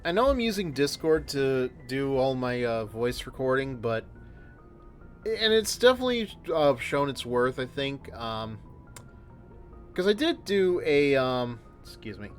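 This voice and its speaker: A man in his thirties streams a game from home, giving casual, very animated commentary at an unhurried pace in a mid-range voice, rambling and full of fillers. He uses a desktop microphone with headphones, and soft music plays in the background.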